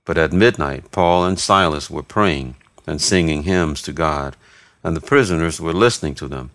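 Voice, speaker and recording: A man giving a steady, measured reading of scripture, voicing narration and quoted speech alike. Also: extremely low pitch, no echo. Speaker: scripture reader.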